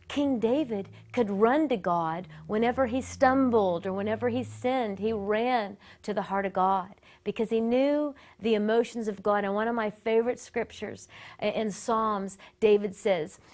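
A woman worship leader sharing a personal testimony story in an earnest, animated way that often breaks off and restarts. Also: medium pitch. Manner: earnest and animated, with many self-interruptions.

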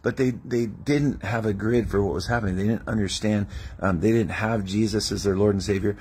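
A man's voice: on the low side, fairly even intonation, fairly quick, a little mellow, slight background noise. A man preaching a testimony-style sermon as an evangelist, telling stories animatedly and acting out prayers and dialogue.

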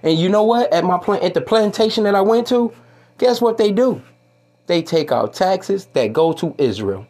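A man's voice: high-pitched, lively intonation, normal speed, a little mellow. Heated, profane man ranting on camera. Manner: profane, heated, repetitive restarts, quotes scripture. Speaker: commentary vlogger. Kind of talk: ranting commentary video.

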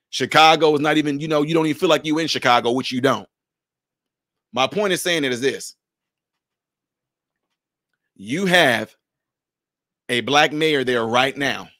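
A man with a high, bright, cutting voice delivers a heated commentary monologue. He hammers his listeners with rhetorical questions, rising to shouts and then dropping into low, blunt asides. The sound is close and dry. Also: no room sound. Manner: confrontational, fires rhetorical questions. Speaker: social commentator.

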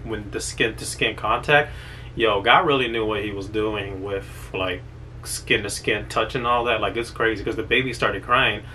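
Young man, vlog co-host; casual storyteller, bright tense timbre. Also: fairly low pitch, normal speed, a little hiss or hum, rough recording. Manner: animated, slangy, repeats words. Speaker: new father, vlog co-host.

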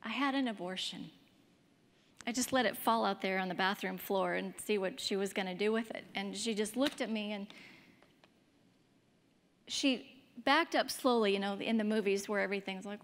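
A woman's voice: a little high, normal speed, fairly bright tone. A woman in her fifties giving a candid personal testimony as a speaker, in a conversational storytelling way. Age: 50s. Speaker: pro-life speaker. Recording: long hall reverb.

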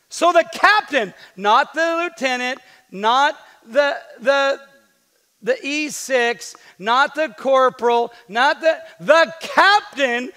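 A man preaching a sermon as pastor, lively and joking with playful asides to the congregation. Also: extremely high pitch. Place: church sanctuary. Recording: long hall reverb in a church.

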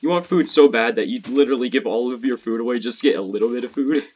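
Gamer guy, husky voice, crude joking banter, dull lo-fi recording. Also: medium pitch, quick pace, darkish tone. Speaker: gamer playing with a friend. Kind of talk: casual gaming chat.

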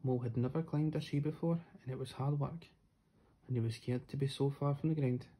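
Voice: mid-range voice, a little fast, breathy edge. A storyteller reading a children's picture book aloud, playing up the sound words. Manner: lively, playful sound words.

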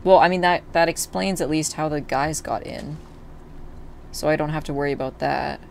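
A man's voice: on the high side, gravelly, a little hiss or hum. A man streaming a video game, chatting casually to his viewers and swearing freely when things go wrong. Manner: chatty, talks to chat, swears when upset.

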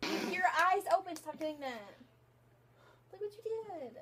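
A woman's voice: very high-pitched, very animated, measured pace, a bit bright, slight background noise. A young woman vlogging at home, chatting casually and giving bossy instructions with frequent giggles. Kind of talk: casual chat.

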